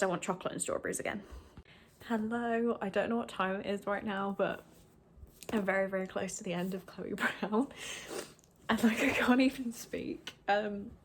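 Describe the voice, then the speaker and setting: A woman's voice: medium pitch, slight background noise. Chatty young woman vlogging. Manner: chatty and candid, with quick rambling asides. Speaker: book vlogger. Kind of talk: casual vlog chat. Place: at home, partly from bed.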